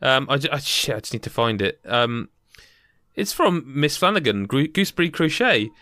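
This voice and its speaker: A man's voice: medium pitch, very animated, normal speed, bright, forceful tone. A man co-hosting a podcast, dropping dry interjections and stumbling over his words. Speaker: podcast co-host. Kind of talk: casual chat.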